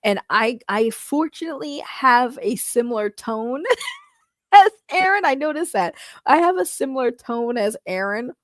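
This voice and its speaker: A woman's voice: fairly high pitch, animated, measured pace, no room sound, clean studio sound. A woman doing casual, comedic commentary, giggling often between remarks. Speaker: commentary YouTuber.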